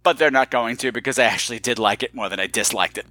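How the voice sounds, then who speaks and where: A man hosting a solo podcast, talking in an animated, theatrical, mock-menacing way and sometimes dropping to hushed asides. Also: medium pitch, fast, loud music behind the voice. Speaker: podcast host.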